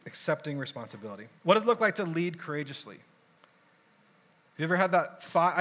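Young guy pastor, kinda high bright voice, chatty animated sermon. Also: normal speed. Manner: conversational, animated storytelling with asides.

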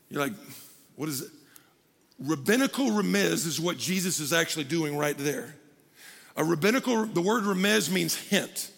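Man, pastor, high bright voice, animated sermon, hall reverb. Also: vocal fry. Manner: animated preaching, jokey asides to the crowd. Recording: long hall reverb from a large room.

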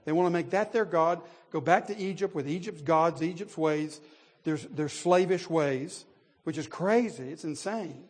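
A man with a high, husky voice preaches a sermon in a hall with long reverb. His delivery is animated and emphatic, rising to loud peaks, with chuckles between points as he talks straight to his listeners. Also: normal speed. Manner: laughs between points, addresses listeners directly.

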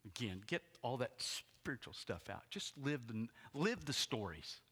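A man preaching a sermon as a pastor, retelling the story dramatically and swinging from hushed tones to loud ones. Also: medium pitch, sing-song, unhurried, breathy edge. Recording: long hall reverb.

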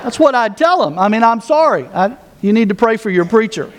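A man preaching a sermon with a high voice. He talks to the congregation in a conversational way, stumbles over repeated words and adds self-mocking asides. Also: expressive, brisk, slight background noise. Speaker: pastor.

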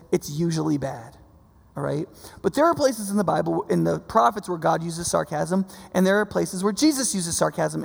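A man preaching a sermon in a loose, conversational way, often pausing to check in with his listeners. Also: high voice, creaky. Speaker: pastor. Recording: long hall reverb.

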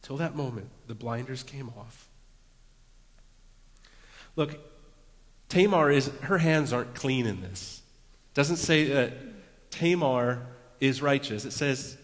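A man preaching a sermon earnestly, dropping his voice to a hush to stress a point. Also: mid-range voice, expressive, slow pace, pauses often. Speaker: pastor. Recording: long hall reverb.

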